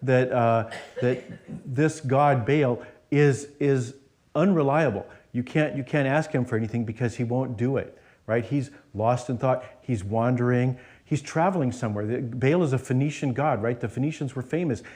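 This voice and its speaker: A man's voice: medium pitch, moderate pace, a little mellow. A man preaching a sermon as pastor, in a conversational way with frequent restarts and fillers. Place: church.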